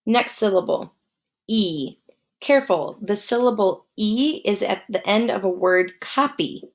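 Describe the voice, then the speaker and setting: A woman teaching a guided spelling lesson, dictating words slowly and spelling them out letter by letter. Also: mid-range voice.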